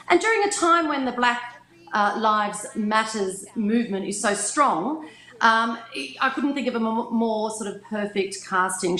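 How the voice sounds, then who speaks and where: A woman's voice: a little high, a bit bright, echoey room, poor audio. A woman reporting film news in a casual chat, upbeat and fluent with some fillers.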